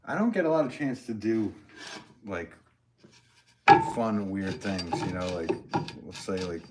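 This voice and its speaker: A man's voice: low-pitched, expressive, measured pace, background noise. A man, a potter, chatting casually to viewers on a live stream from his studio, rambling with lots of fillers and laughs.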